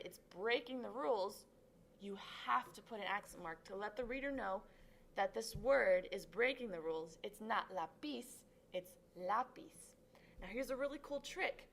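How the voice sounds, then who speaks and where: A woman's voice: on the high side, a bit bright, a little hiss or hum. A woman tutor giving a lesson, upbeat and encouraging, stretching out syllables dramatically to show stress. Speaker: Spanish tutor. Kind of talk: classroom lesson.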